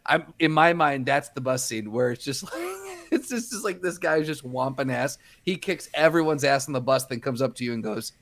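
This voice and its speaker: A man co-hosting a podcast, talking in a laid-back way and thinking out loud. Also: mid-range voice, moderate pace, hardly any pauses. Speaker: podcast co-host. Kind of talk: casual chat.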